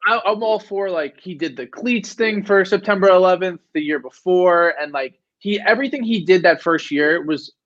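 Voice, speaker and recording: A man chiming in on a casual podcast with short, matter-of-fact remarks. His voice is high for a man, and the recording sounds dull and lo-fi. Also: normal speed, hardly any pauses, a bit bright. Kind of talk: casual sports chat.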